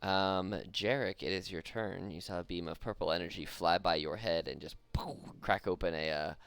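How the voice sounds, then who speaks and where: Man GM, very low and gravelly, easygoing, laughs a lot while narrating. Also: fairly even intonation, moderate pace, fairly bright tone, dry recording. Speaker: dungeon master. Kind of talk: running a tabletop game online.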